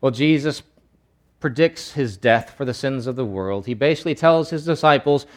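A man preaching a sermon, emphatic, swinging from loud bursts to low asides and acting out quoted voices. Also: a little fast.

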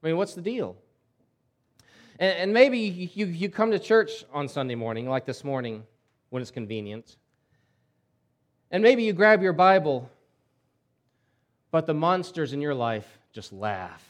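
A man's voice: fairly high pitch, very animated, measured pace, long pauses. A male pastor delivering a sermon in a conversational storytelling way, often restarting his words.

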